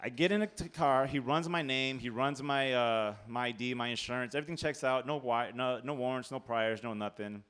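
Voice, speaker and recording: A man telling a comic true story on stage, animated, profane and laughing at himself. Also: medium pitch, brisk, hardly any pauses, clear, resonant tone. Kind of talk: live comedic storytelling.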